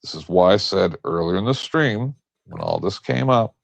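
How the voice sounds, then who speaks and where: A man's voice: low voice, expressive, moderate pace, creaky, dry recording. A man cutting in politely to make a point in casual chat.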